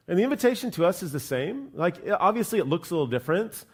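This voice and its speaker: Casual pastor preaching a sermon. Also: male voice, sits high, animated, quick pace, few pauses, slightly rough. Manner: conversational, repeats "right?" and starts words twice. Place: church sanctuary.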